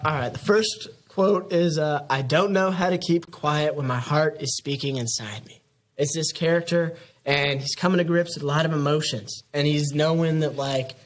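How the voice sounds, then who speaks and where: A young man in his late teens rambles through big ideas with a mock-preachy flair. His voice sits a little high for a man, with a faint hiss behind it. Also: fairly bright tone. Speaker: student guest. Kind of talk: casual podcast chat.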